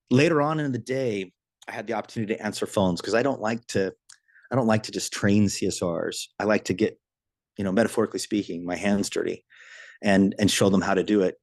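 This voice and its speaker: Energetic low-voiced male business trainer. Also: dry recording. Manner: enthusiastic, energetic storyteller; frequent restarts and repeated words. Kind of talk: motivational storytelling talk.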